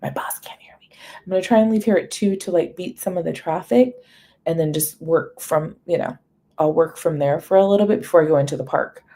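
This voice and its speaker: Chatty woman with a mellow voice. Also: low-pitched, brisk. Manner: chatty, reads menu items aloud in lists; greets viewers by name. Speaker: livestream host. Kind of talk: casual live chat with viewers.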